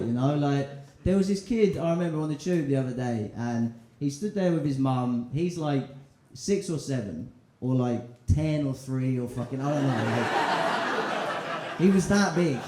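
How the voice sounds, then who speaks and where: High-voiced comic in a roomy club. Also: male voice, dark tone. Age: 20s. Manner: rambling, crude, self-mocking banter with the crowd. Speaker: stand-up comedian. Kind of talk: stand-up set. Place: comedy club in central London. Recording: roomy club with crowd laughter.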